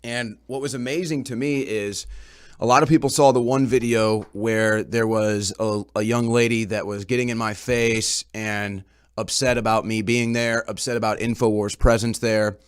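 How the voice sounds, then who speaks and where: A man's voice: fairly low pitch, fairly even intonation, normal speed, smooth. A man reporting on a talk show, casually recounting events in a rambling way and often repeating his words.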